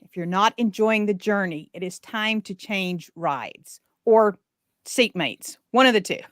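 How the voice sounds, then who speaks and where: A woman with a light Southern accent chats as a podcast guest over a video call, lively and quick to joke. Her voice sits at a middle pitch, and it is recorded close and dry with no room sound. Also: dry recording. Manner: lively, joking, laughs often. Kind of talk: casual interview chat.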